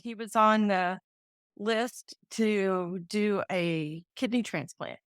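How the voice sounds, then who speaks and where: A woman's voice: mid-range voice, slow, clear, resonant tone, dry recording, studio quality. A woman in her fifties, a real estate agent, telling a personal story in an interview and acting out the conversations she remembers. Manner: heartfelt, acts out remembered dialogue.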